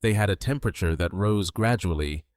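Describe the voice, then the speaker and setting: Low, steady older male narrator. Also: a little fast, no room sound, clean studio sound. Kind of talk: scripted first-person narration.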